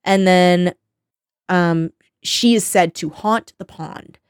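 A woman in her thirties, co-hosting a podcast, casually recaps a novel's plot, rambling, swearing, and quoting characters. Her lowish voice is clear and resonant and she takes it slowly, captured in clean studio sound with no room noise.

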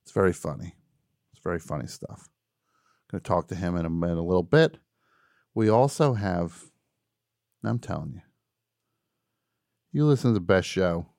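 A man hosting a live call-in radio show, wry and mock-boastful, dropping to quiet mumbles and rising to shouts. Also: low voice, normal speed, pauses often, no echo, studio quality.

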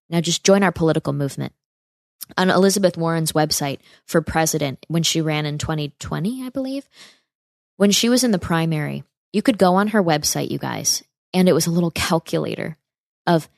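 Low-voiced woman, sarcastic podcast host. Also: fast talker, vocal fry, no echo, studio quality. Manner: emphatic, sarcastic rhetorical questions. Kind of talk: political commentary monologue.

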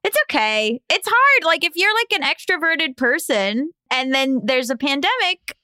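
High bright-voiced chatty woman host. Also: big pitch swings, moderate pace, no room sound. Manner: chatty storyteller, laughs often. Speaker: podcast co-host. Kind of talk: casual chat.

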